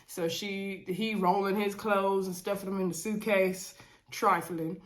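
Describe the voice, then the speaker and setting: A woman's voice: mid-range voice, measured pace. Woman with a stuffy head, casual vlog recap, laid-back, chatty, says "y'all" a lot. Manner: relaxed Southern-leaning casual talk with fillers and "y'all". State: congested from a cold. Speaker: reality TV recap vlogger.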